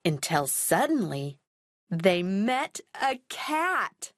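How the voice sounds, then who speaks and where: A woman reading a children's picture book aloud in a slow, expressive, clearly paced way. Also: mid-range voice, dry recording, studio quality, faint music behind. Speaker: storyteller. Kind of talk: children's storybook read-aloud.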